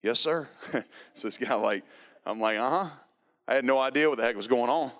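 Man, pastor, sermon testimony, emphatic repetitive storytelling, resonant voice, mid pitch. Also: fairly quick, fairly bright tone.

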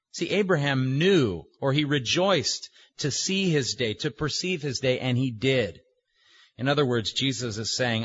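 Slow, emphatic husky male preacher. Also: medium pitch, a bit bright. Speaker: pastor. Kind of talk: sermon. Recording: dull lo-fi recording.

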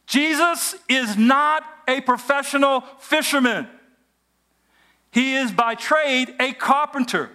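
Male pastor, sermon delivery, high bright tone, animated storyteller. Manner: animated storytelling, acts out voices of characters.

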